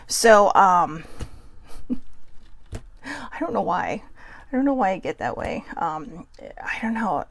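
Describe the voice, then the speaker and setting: Chatty Californian woman with a gravelly voice. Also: lowish voice. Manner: fast, chatty, self-interrupting, admits nerves. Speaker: host. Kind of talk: casual musing while reading oracle cards.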